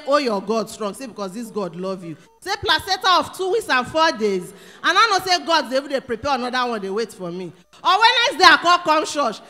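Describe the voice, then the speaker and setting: A woman with a Nigerian Pidgin accent giving an animated testimony in church, acting out quotes and breaking into exclamations. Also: high voice, big-room sound. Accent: Nigerian Pidgin English. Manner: storytelling that acts out quotes, rising to exclamations. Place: church hall.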